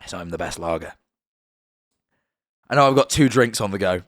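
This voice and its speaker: A man's voice: deep voice, expressive, normal speed, no echo, clean studio sound. A young man with a British accent, chatting casually on a live stream and often correcting himself as he rambles. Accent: British English.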